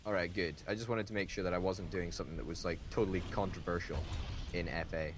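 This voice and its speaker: A man chatting casually while playing a strategy game, self-mocking and prone to sudden excited jumps in pitch. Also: fast talker, slightly rough. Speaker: game commentator. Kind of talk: casual gameplay commentary. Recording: background hiss.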